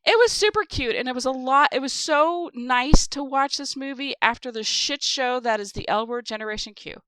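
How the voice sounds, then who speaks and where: A woman co-hosts a casual podcast with a bright, crisp voice that sits a little high. She talks in a rambling, chatty way, full of fillers and asides. The sound is dry and close. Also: moderate pace, dry recording. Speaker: podcast co-host. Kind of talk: casual chat.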